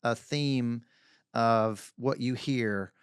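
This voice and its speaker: A man hosting an interview podcast, asking measured, somewhat halting questions with fillers. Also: mid-range voice, clean tone, no echo, clean studio sound. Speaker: podcast host.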